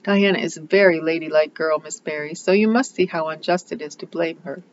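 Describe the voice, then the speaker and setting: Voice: mid-range voice, a little fast, lo-fi sound, a little hiss or hum, natural voice. A reader voicing an impulsive, dramatic orphan girl who pleads earnestly in a storybook. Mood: pleading. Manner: earnest and pleading, breathless outpourings.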